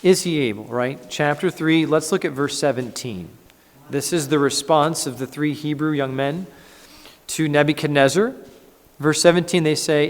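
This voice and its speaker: A man, a pastor, preaching a conversational, animated sermon in a church and acting out scripture. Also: a little high, moderate pace. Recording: echoey church hall.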